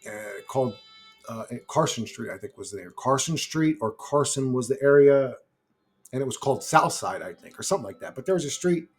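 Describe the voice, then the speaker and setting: A man's voice: mid-range voice, lively intonation, fairly quick, soft background music. A man telling a rambling personal story to camera in a brash, profane way. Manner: brash, heavy swearing, rambling. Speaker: YouTuber. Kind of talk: casual storytelling.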